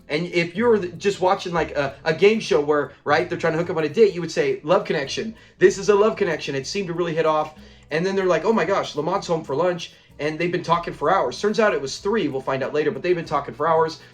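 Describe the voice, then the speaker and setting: A man's voice: on the high side, fairly quick. A man giving a casual, rambling episode recap, acting out characters' lines and laughing at the jokes. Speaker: show reviewer.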